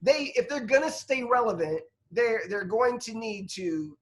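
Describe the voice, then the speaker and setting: Man chatting in halting, restarting bursts. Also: extremely high pitch, lively intonation. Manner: halting, lots of restarts and asides. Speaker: podcast co-host. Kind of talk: casual sports chat.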